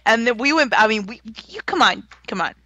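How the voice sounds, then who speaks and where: A woman's voice: fairly high pitch, lively intonation, fairly quick, sharp tone, dry recording, highs cut off. A woman co-hosting a casual live-stream chat, giggly and teasing, talking in a loopy, scattered way. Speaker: co-host.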